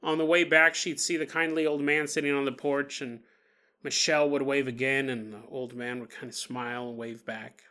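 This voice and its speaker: A man hosting a paranormal podcast, retelling a reader's story in an animated way with acted-out quotes and small stumbles. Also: medium pitch, normal speed.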